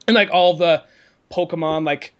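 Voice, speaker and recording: A man's voice: fairly high pitch, fairly quick, lo-fi sound. A man co-hosting a casual podcast, rambling and laughing as he talks. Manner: rambling, laughs often, mimics voices in quotes. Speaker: podcast co-host.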